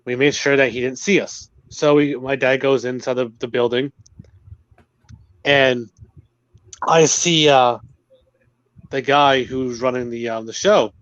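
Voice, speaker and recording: A man's voice: mid-range voice, a little slow, pauses often, dry recording. Man chatting, slightly muffled sound. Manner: relaxed storyteller, quotes people, small fillers. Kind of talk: casual chat.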